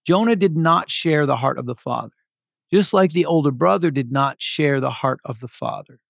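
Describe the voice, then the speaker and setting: A man's voice: on the high side, animated, moderate pace, vocal fry, dry recording, clean studio sound. A man preaching a sermon as a pastor, earnest and conversational with casual asides.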